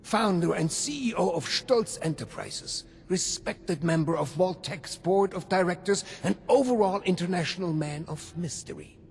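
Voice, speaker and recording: Gravelly old German-accented ghoul overseer, silky and scheming, swings wide in pitch. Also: male voice, lively intonation, moderate pace, hardly any pauses, heavily acted. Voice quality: gravelly, breathy half-whisper. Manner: silky, theatrical, faintly menacing. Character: old male ghoul vault overseer, smooth scheming businessman.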